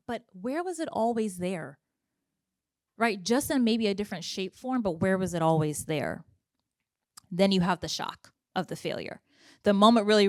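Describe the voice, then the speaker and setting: Lively woman coaching a live crowd. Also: mid-range voice, no echo, studio quality. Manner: lively, conversational, addresses crowd as y'all. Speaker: business coach giving a live talk. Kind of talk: motivational talk to a live audience. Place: event room with audience.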